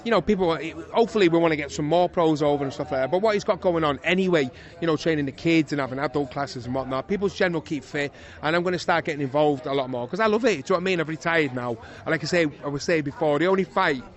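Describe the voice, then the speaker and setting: Retired boxer, Liverpool man, middle-aged, rapid lively anecdote delivery, slightly higher voice. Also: dull audio. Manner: lively storyteller, chuckling, swears oaths. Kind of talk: casual interview anecdote. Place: outdoors at an evening boxing event.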